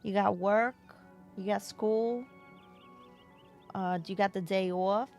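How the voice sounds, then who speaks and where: A woman streamer in casual live-stream chat, relaxed, affectionate and chatty. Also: medium pitch, slow pace, soft background music.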